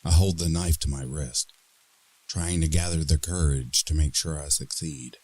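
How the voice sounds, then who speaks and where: A man narrating a horror story in a dramatic, expressive reading style. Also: rumbling low, moderate pace, slightly rough.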